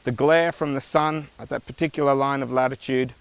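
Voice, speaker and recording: A man's voice: mid-range voice, fairly even intonation, brisk, creaky, smooth. A man with an Australian accent, an expedition artist musing aloud to the camera by a river outdoors. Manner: thoughtful, speculative.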